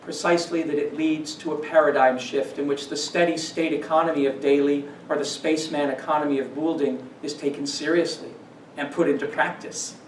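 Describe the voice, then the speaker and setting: A man giving a scripted lecture in an emphatic way, slowing down for stressed points and rushing through asides. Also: a little high, fairly even intonation, a little hiss or hum. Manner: emphatic, shifts between slow stresses and quick asides. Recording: roomy echo, distant mic, faint ambience.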